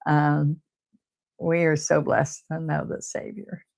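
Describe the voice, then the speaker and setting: An older woman, hosting a live painting stream. She talks softly and close to tears, often repeating words as she chats to viewers. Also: sits low, fairly even intonation, slow, creaky. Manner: soft-spoken, tearful, repeats words. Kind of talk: casual heartfelt chat to live viewers.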